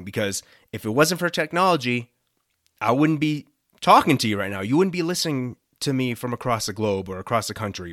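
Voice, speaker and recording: An earnest male podcast host speaking in a casual devotional tone, his pitch rising and falling a lot as he talks. The sound is dry and close, with no room echo. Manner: earnest, conversational, expressive rises and dips.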